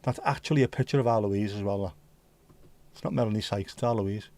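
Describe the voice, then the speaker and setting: Gravelly-voiced man hosting a chatty livestream. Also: on the low side, quick pace, a little mellow, dry recording. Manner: jokey banter with viewers, drops into Dutch and Spanish. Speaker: livestream host. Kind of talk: casual chat reading viewer comments.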